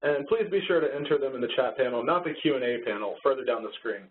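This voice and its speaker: A man's voice: mid-range voice, expressive, quick pace, a little hiss or hum. Easygoing man, tinny line. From Texas. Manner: easygoing, laughs along at jokes. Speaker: webinar co-host. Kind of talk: casual webinar presentation. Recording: tinny phone-like webinar audio.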